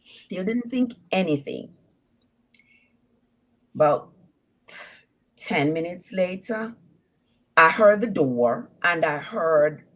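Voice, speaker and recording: A woman tells her own story on a live call-in show, her voice swinging widely in pitch. She is animated and acts out what others said. She laughs often as she talks. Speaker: caller.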